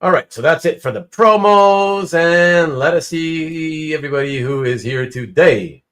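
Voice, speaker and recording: A man's voice: on the high side, measured pace. A man hosting a casual live stream from home, chatting with viewers and telling a story that he acts out. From Canada. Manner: animated storytelling, acts out quotes. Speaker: host.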